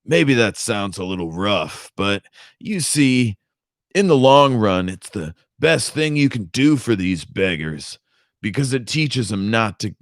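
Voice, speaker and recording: A man's voice: on the low side, lively intonation, measured pace, no echo, clean studio sound. A man reading aloud, voicing a crude, swaggering male official who boasts and leers. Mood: boastful. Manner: brash, leering, boastful. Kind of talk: audiobook reading with character voices.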